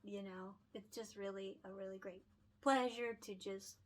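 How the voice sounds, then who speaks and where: A young picture book author and illustrator talks by herself to camera about making her books, her mid-range voice steady and at a normal speed. She speaks loosely, full of "like" and "you know," laughs often, and grows tender, earnest and emotional as she goes.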